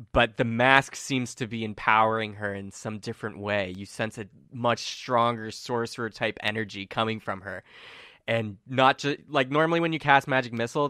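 A man's voice: mid-range voice, pushed and bright, clean tone, no echo, studio quality. A man acting as game master, narrating a tabletop game casually with many fillers.

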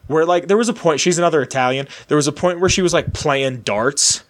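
A man's voice: a little high, brisk. A man in his late twenties telling a long story in casual podcast chat, acting out the people he quotes. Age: late 20s. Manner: animated, acts out quoted voices.

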